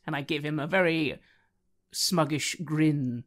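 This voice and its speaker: A woman's voice: deep voice, unhurried. A woman player describing her character's actions in a tabletop role-playing game, playfully. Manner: lively, playful player narration.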